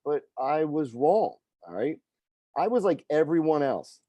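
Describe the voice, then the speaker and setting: A man's voice: on the high side, lively intonation, moderate pace, dark tone, no room sound. A middle-aged man, a fitness coach, telling a personal story in a conversational way and often tagging sentences with "right?" and "okay?". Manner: conversational, frequent tag questions.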